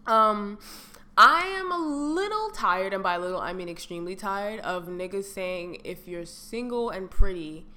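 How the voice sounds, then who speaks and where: Bright-voiced young woman telling a story. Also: mid-range voice, a little slow. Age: young adult. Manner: animated, swings to loud outbursts and mock voices; heavy profanity, slangy. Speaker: podcast co-host. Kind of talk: casual storytelling chat.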